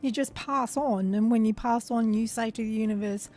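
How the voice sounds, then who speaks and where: A woman, talking earnestly in a slow, musing spiritual monologue. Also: on the high side, darkish tone, faint music behind. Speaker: host.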